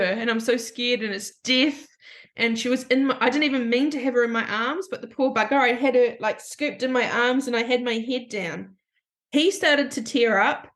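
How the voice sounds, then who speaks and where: A woman counselor telling a personal story in a podcast interview, halting and breaking off her sentences to restart them. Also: a little high, fairly bright tone. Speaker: grief counselor guest.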